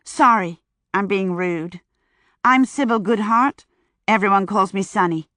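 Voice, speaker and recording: A woman's voice: mid-range voice, measured pace, fairly bright tone, no echo, studio quality, lightly acted. A woman voicing a chatty, brash young American flapper from Chicago in an audiobook, eager and gushing. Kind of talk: audiobook character voice.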